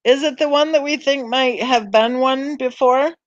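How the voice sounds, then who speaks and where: A woman's voice: sits high, normal speed, no room sound, lo-fi sound. A woman hosting a casual live-stream chat on a true crime channel, rambling and thinking aloud as she browses, sighing and sounding tired.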